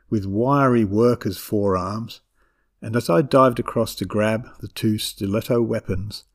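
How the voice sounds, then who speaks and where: A middle-aged man reading a memoir as a scripted narration, with measured, dramatic storytelling. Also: fairly low pitch, husky.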